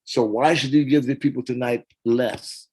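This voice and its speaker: An older man in a casual interview, telling stories with lively acted-out quotes and hummed parts. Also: mid-range voice, moderate pace, a little hiss or hum, poor audio. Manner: animated storyteller, acts out quotes and hums parts. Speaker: interview guest, former band singer.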